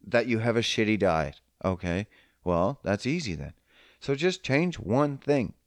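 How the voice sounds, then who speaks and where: Speaking a little slowly in a lowish, animated voice, this man crudely riffs on fitness and diet in a dry recording. It's a rambling, joking, profane monologue where he plays both parties in conversations and quotes other people's voices.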